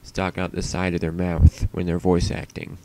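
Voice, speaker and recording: A man's voice: sits low, completely flat delivery, moderate pace, dark tone, a little hiss or hum. A man streaming alone, rambling in a profane, self-mocking way while he waits for his stream to start. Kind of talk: casual solo livestream chatter.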